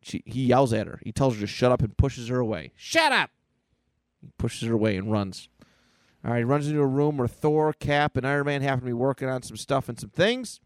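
A man's voice: medium pitch, fairly even intonation, a little fast, a little mellow, no echo. Enthusiastic male podcast host. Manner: enthusiastic, retelling a comic aloud. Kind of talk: casual chat.

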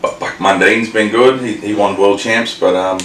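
A man's voice: fairly low pitch, fairly even intonation, normal speed, fairly bright tone. A man with an Australian accent, co-hosting a casual podcast chat, rambling and swearing with many restarts. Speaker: podcast co-host. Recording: roomy, distant mic with faint noise.

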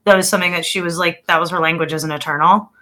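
A woman with a somewhat low but bright, forceful voice co-hosts a casual movie review chat. She talks in an animated way, laughs often and trails off while hunting for names. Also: rapid-fire. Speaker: podcast co-host.

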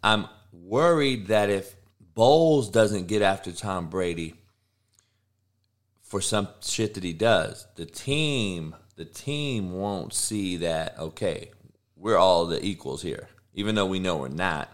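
A man's voice: low-pitched, expressive, takes it slowly. A middle-aged man hosting a live show, a football coach who rants and trash-talks with constant swearing. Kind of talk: profane live-stream rant.

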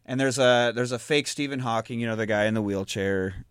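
A man's voice: medium pitch, brisk, clean tone, no room sound, clean studio sound. Rambling, profane man chatting on a mic. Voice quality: profane, rambling, laughs often. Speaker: podcast host recapping a movie. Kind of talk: casual chat.

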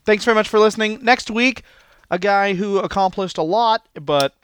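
A man's voice: sits high, normal speed, a bit bright, clear, resonant tone, dry recording, clean studio sound. A man co-hosting a comedy podcast, teasing and needling his partner in a mock-sincere way. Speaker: podcast co-host. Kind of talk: comedic casual chat.

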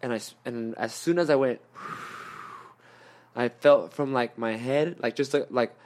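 A man's voice: mid-range voice, normal speed, a little mellow. A young man telling a long story in casual chat, slangy and profane, with lots of restarts. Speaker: podcast guest telling a story.

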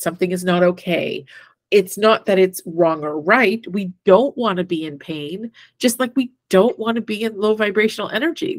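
A woman co-hosting a casual talk about energy and feelings. She speaks in a mid-range voice, animated and full of fillers, and slips into little acted quotes. The mic is close and dry. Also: mid-range voice, dry recording. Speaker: podcast co-host. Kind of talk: casual spiritual chat.

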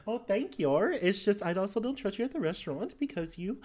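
Animated bossy tabletop player. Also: mid-range voice, brisk. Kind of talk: tabletop game play.

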